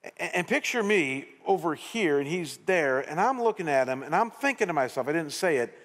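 A middle-aged male pastor telling a story in a sermon, animated, with many restarts. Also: a little high, a little fast, in a large hall. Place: church sanctuary.

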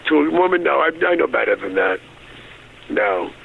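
A man's voice: medium pitch, big pitch swings, moderate pace, gravelly, phone-quality sound, slight background noise. A man in his sixties, a comedian guest, ranting with lots of profanity in a casual interview from his home. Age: 60s.

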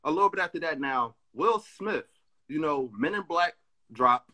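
A man's voice: fairly high pitch, animated, moderate pace, bright, forceful tone. A man hosting a casual interview, encouraging his guest and steering the talk with questions. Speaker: podcast host.

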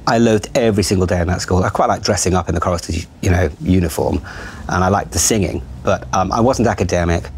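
Frank well-spoken man, low voice. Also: quick pace, slight background noise. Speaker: TV channel executive in a therapy session. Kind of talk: candid conversation.

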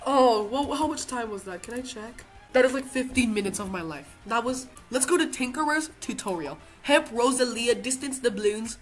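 A young woman giving loud, excitable gameplay commentary, swearing now and then and reading out game text. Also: fairly high pitch, normal speed, faint music behind. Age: young adult. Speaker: gaming video creator.

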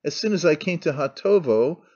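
A man reading an audiobook, voicing a frightened, timid young woman who speaks in a hurried, breathless way. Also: a little high, animated, a little mellow, muffled recording. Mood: nervous.

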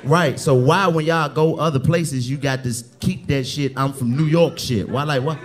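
Brash, yelling stand-up comic with a crowd roaring. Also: male voice, fairly high pitch, moderate pace. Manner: brash, loud, often yelling and cursing. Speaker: stand-up comedian. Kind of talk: crowd-work stand-up roast. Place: live comedy club ballroom. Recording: live club with crowd noise.

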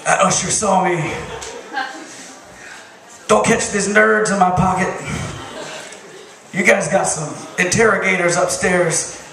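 Male stand-up, high-pitched, deadpan and crude; distant, echoey bar recording. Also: slow pace, long pauses, a crowd in the background. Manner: deadpan one-liners, profane. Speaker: stand-up comedian. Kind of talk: stand-up comedy set. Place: bar stage with crowd. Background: audience laughter.

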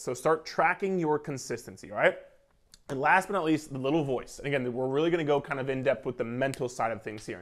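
A man coaching viewers on weight loss in an emphatic, repetitive pep-talk style, casual and sometimes swearing. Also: fairly high pitch. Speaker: fitness coach. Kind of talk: motivational talk to camera.

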